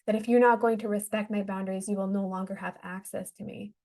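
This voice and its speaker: A woman's voice: medium pitch, fairly even intonation, fast talker, a little mellow. A woman speaking as a podcast guest, a life coach telling her own story in an earnest, heartfelt way. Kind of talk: casual interview talk.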